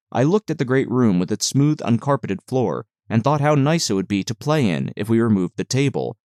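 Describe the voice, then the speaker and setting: A man with a fairly low voice reads a classic novel aloud in a measured, expressive way. The sound is dry and close, with almost no room around it. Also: no echo. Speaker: audiobook narrator. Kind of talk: scripted narration of a classic novel.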